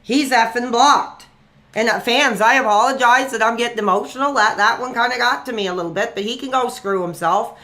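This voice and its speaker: A man's voice: very high voice, a little fast, pushed and bright. A young man streaming live and taking calls, rambling with fillers and flaring into angry rants at trolls. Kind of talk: live stream call-in chat.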